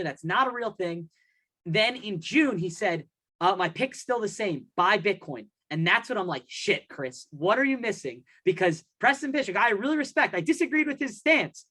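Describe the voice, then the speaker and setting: His voice is high, bright, and forceful as this podcast host launches into a long, meandering story. In the easygoing chat, he dramatizes his own inner thoughts along the way.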